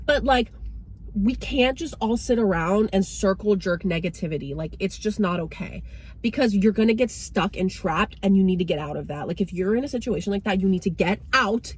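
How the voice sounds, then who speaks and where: A young woman talks frankly and chattily to camera in a casual motivational vlog, peppering her sentences with "like" and "right?". Her voice sits at an ordinary pitch for a woman. A faint hiss of background noise runs under the recording. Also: brisk, a little mellow. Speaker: vlogger.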